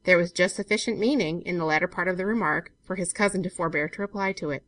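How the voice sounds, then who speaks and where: A woman narrating a classic short story as a volunteer audiobook reader in a measured, even manner. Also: fairly low pitch, no echo. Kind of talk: scripted narration.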